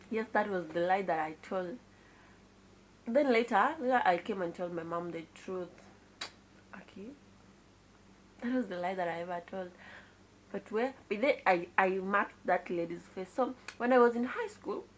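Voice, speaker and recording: A Kenyan-accented young woman, a vlogger, chats to her viewers about her childhood in a casual, confiding retelling. Her voice is mid-range, with slight background noise. She often exclaims "kai" and slips Swahili words into her talk.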